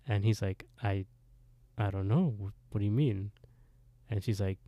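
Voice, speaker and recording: A man with a low, mellow voice recaps a TV plot in casual chat. He jumps into the characters' lines and laughs along the way. The sound is dry and close. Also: moderate pace, pauses often, no room sound. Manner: animated retelling, switches between characters' lines, laughs often. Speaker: podcast co-host recapping an episode. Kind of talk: casual chat, retelling a plot with quoted dialogue.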